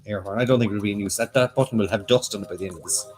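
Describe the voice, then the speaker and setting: A man's voice: lowish voice, racing, soft background music. A man with an Irish accent hosting a casual live-stream quiz, reading out questions and joking with his co-host. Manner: joking, reads questions aloud, banters.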